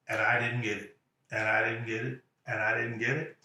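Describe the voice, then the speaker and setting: A man telling a personal story as a motivational speaker, in a halting, conversational way with many restarts. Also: medium pitch, level tone, pushed and bright. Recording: echoey room.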